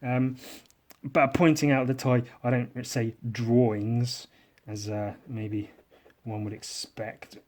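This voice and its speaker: A man with an English accent, hosting a drawing podcast in casual, rambling chat, sarcastic and self-mocking, often trailing off quietly. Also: medium pitch, flat delivery, slow.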